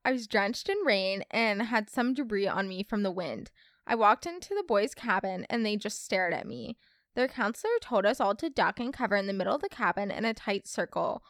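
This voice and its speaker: Lively, chatty young woman podcaster. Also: a little high, no echo, studio quality. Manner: chatty, expressive, reads listener stories aloud. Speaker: podcast host. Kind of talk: casual storytime podcast.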